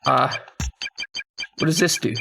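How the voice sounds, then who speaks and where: A man's voice: takes it slowly, over music. A man streaming a video game, thinking aloud in a puzzled, casual way with profane asides. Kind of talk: casual gameplay commentary.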